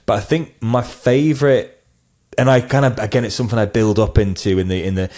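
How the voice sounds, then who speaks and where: A man with a very deep voice talks casually as a podcast guest. He rambles, circling back with fillers and restarts. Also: fairly even intonation, fairly quick, darkish tone. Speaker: wedding photographer guest.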